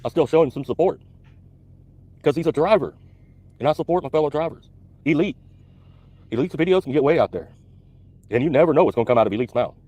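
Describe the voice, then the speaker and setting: A truck-driving man delivers a blunt, confrontational rant at a rapid clip. His voice sits mid-range and sounds close and dry, with no room around it. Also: on the high side, lively intonation, no echo, lo-fi sound. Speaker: truck driver YouTuber. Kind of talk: recorded video rant.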